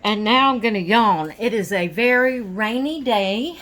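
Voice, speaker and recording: Slow-talking woman, slightly breathless. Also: a little high. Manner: slow, rambling, relaxed. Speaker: crafting vlogger. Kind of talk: casual crafting vlog. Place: home with dogs, rainy day.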